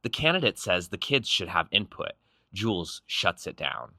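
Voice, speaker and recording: Snarky deep-voiced man narrating a recap. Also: big pitch swings, pushed and bright, no room sound. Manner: snarky, punchy, quick quips. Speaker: recap show host.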